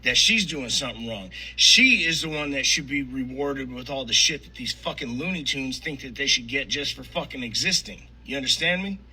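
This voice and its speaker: A man's voice: mid-range voice, normal speed, few pauses, pushed and bright, slightly rough, rough recording. A man ranting angrily, swearing constantly and firing off rhetorical questions in an irritated tone. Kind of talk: angry profane rant.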